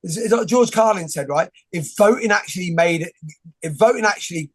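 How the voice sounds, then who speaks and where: A man's voice: high voice, brisk, breathy edge. A man hosting a casual interview, rambling and joking with many restarts and film quotes. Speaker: host. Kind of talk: casual conversation.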